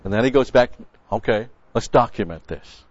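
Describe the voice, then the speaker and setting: At a normal speed and in a slightly mellow, medium-pitched voice, a man gives verse-by-verse sermon teaching as a Bible teacher. He stresses points by repeating key words and explains the original grammar, on a dull, dry lo-fi recording.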